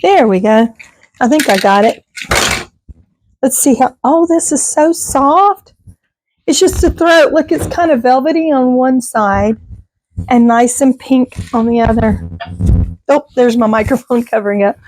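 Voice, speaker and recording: A woman's voice: sits high, unhurried, long pauses, a little mellow, slight background noise. A middle-aged woman, chatting casually to her viewers as a vlogger, rambling and laughing often. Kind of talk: casual chat.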